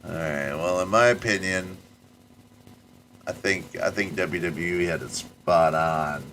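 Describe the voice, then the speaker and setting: A man's voice: low-pitched, unhurried, background noise. A man hosting a podcast, rambling and joking in casual chat. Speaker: podcast host.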